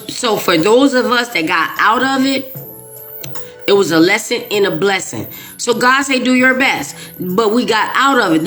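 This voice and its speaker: A woman's voice: mid-range voice, fairly bright tone. Emphatic woman talking to viewers. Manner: emphatic and repetitive, with frequent restarts. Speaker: video creator. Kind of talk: casual spoken monologue to viewers.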